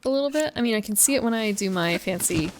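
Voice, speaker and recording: Her medium-pitched voice is animated and quick as she live-streams games from home, talking to chat between gameplay with plenty of laughter and musing. Slight background noise is audible.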